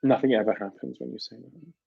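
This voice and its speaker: A man's voice: mid-range voice, steady tone, fast talker, creaky, husky, no room sound, phone-quality sound. A British man hosting a livestream, chatting casually and animatedly with viewers and laughing often. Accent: British English. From United Kingdom. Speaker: livestream host. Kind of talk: casual chat with live viewers.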